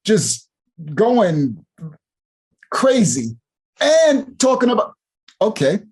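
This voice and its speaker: A man with a husky, slightly breathy voice gives heated commentary. His pitch swoops up and down as he preaches. He hammers his points home by repeating them. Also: huge pitch swings, very slow, a little mellow. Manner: emphatic, preachy, repeats for emphasis. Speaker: ministry host reacting to clips.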